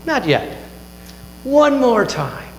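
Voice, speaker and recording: A man preaching a sermon, retelling a Bible story with lively asides and questions to the room. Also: very high voice, extremely slow, gravelly. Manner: animated storytelling with asides like "right?". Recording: echoey hall with faint mains hum.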